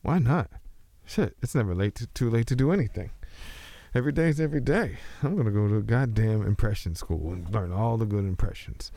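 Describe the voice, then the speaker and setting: A very deep, mellow-voiced man with a slight Texas twang rambles through a solo podcast monologue. He is loose and joking and often mocks himself as he meanders from thought to thought. The sound is close and dry. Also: animated, fairly quick, dry recording. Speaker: podcast host.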